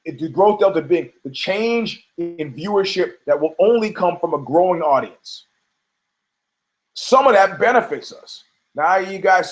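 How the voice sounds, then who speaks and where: A man hosting a show, giving brash, profane, rambling opinions on fights with many restarts. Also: a little high. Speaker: podcast host. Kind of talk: casual opinionated commentary.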